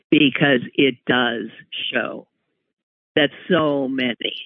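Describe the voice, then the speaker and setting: A man's voice: on the high side, creaky, no echo. A man hosting a talk show, giving a wry, emphatic opinion monologue with sudden rises on key words. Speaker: radio talk host. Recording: tinny phone-like radio audio.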